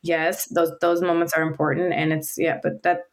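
A woman's voice: deep voice, level tone, moderate pace. A woman in her thirties co-hosting a podcast, chatting casually and emphatically, laughing often. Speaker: podcast co-host. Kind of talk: casual chat.

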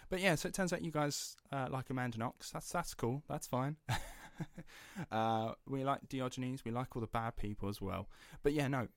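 A man co-hosting a podcast, chatting casually and excitably, with rambling restarts. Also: medium pitch, moderate pace, no room sound, studio quality. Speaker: podcast co-host. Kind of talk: casual chat.

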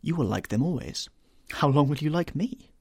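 A man's voice: medium pitch, big pitch swings, brisk, breathy edge, dry recording, studio quality, pitched above the performer's own voice. A man reading the part of an anguished, vain young man who dreads growing old, pleading and rising to despair.

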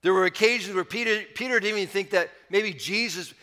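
A man preaching a sermon as pastor, conversational, pushing up on key points and dropping low to close thoughts. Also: fairly quick, few pauses, bright, forceful tone, long reverb tail.

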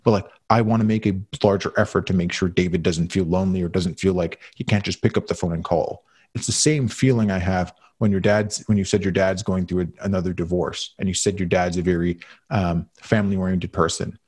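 A man in casual conversation who speaks heartfelt and halting, with stammering restarts, while concussed. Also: sits low, fairly even intonation, a little mellow, slightly rough. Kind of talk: emotional conversation.

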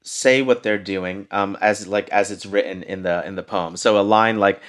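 A man's voice: lowish voice, fairly even intonation, moderate pace, fairly bright tone. A man co-hosting a casual film discussion, thoughtful and hesitant, with frequent fillers as he explains. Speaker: podcast co-host.

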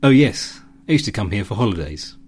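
A man reading a calm dry young woman. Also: fairly low pitch, brisk, husky.

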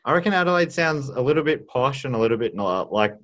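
A man's voice: medium pitch, expressive, fast, a bit bright. An Australian man with a Melbourne accent, chatting casually as a podcast co-host, curious and joking, asking many questions. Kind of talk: casual chat.

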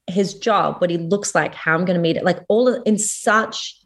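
A woman's voice: lowish voice, normal speed. A young adult Australian woman chatting casually as a podcast guest, telling a story and acting out the quoted lines. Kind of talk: casual chat.

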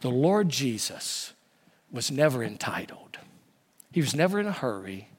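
A man voicing an elderly male pastor in his eighties with a deep voice, speaking slowly and quietly as he probes. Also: big pitch swings, slightly rough, big-room sound, heavily acted. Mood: solemn. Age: 80s. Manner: slow, quiet, probing.

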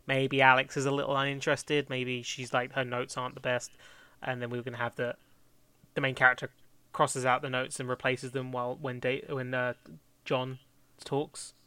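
Bright-voiced man, rambling. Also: medium pitch, monotone, moderate pace, smooth, no room sound. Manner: rambling, self-correcting, laughs often. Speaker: fan script co-writer. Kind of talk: casual planning chat.

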